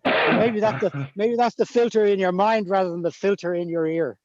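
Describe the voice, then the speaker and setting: A man's voice: sits high, moderate pace, muffled recording, crowd noise. A man with an Irish accent chatting casually on a video call while out walking his dog. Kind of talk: casual chat.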